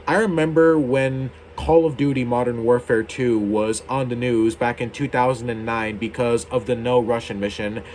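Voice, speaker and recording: A man's voice: mid-range voice, slight background noise. A young adult man hosting his own video channel, ranting in a heated, indignant way and swearing casually. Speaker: YouTuber.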